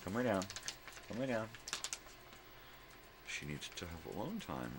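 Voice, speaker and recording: A man's voice: low-pitched, big pitch swings, measured pace, background noise. An older man in a casual morning vlog at home, talking fondly to his dogs in baby talk and tossing in simple Spanish words. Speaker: vlogger.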